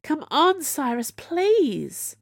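Desperate young sorceress, woman narrator voicing her, pleading and pitched up. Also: very animated, normal speed, dry recording, clean studio sound. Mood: frantic. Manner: urgent, pleading, high-pitched.

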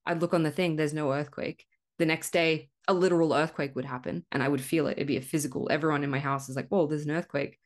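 A woman's voice: sits low, fairly even intonation, fast. A young woman hosting a solo podcast, talking candidly and rambling, swearing freely and laughing at herself. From Australia. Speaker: podcast host. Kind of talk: casual solo podcast monologue.

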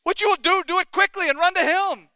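A man's voice: very high-pitched, a little fast, pushed and bright, no echo. A man preaching a sermon as pastor, impassioned and urgent, firing rising questions at the congregation.

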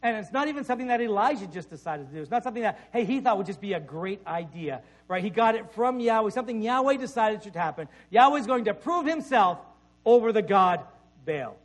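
High-voiced man preaching a sermon. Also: animated, brisk. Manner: conversational preaching with frequent "right?" asides. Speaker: pastor.

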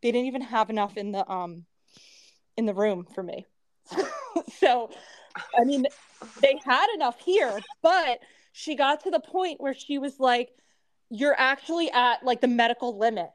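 High-voiced woman with a lisp. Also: measured pace, long pauses. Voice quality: lisp from temporary crowns. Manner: chatty, rambling, laughs often. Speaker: podcast co-host. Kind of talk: casual chat.

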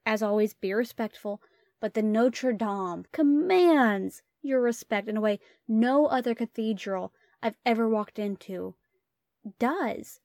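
A woman co-hosting a casual travel talk, with a slightly high voice. She speaks earnestly and straight to the listener, often calling them guys. The recording is dry and close. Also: unhurried, a little mellow, no echo. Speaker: travel vlog co-host.

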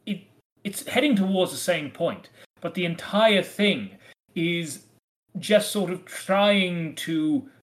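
Lively man discussing old plays. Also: high-pitched. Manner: animated, acts out quoted lines with laughs. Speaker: podcast co-host. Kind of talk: casual literary discussion.

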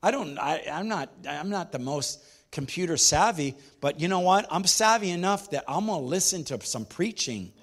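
A man with a notably high voice preaches a church sermon, emphatic and full of back-and-forth with the room. He calls out questions and drives his points home with repetition. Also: lively intonation, moderate pace. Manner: emphatic call-and-response preaching with the congregation. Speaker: pastor.

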